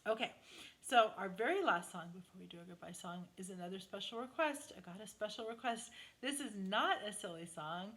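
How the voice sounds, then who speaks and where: A woman's voice: medium pitch, animated, fairly quick. A woman music therapist leading children in a sing-along lesson at home, with a bouncy, sing-song, encouraging way of talking. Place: home, online session. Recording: guitar playing loudly behind.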